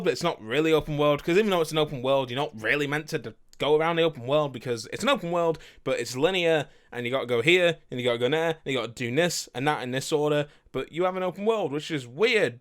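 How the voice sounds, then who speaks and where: A young man chatting casually about his favourite video games, rambling, correcting himself and swearing now and then. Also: on the high side. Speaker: video game streamer.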